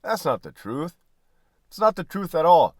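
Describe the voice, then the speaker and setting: A man's voice: fairly high pitch, big pitch swings, moderate pace, no echo, studio quality. A man who was a prison lieutenant, talking bluntly and profanely to viewers, often tagging "right?" and "man". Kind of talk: candid casual monologue.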